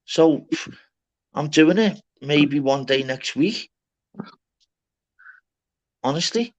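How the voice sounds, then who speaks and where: A man's voice: fairly high pitch, expressive, slow. A man in casual chat who swears constantly, calls everyone lad and mate, and rambles bluntly. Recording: slightly dull lo-fi audio.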